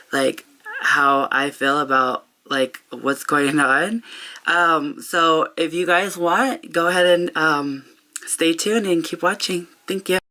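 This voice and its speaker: A young woman talking to camera in a personal vlog, heartfelt and open, halting often with pauses and restarts. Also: sits low, pushed and bright. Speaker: vlogger. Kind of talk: reflective personal vlog talk.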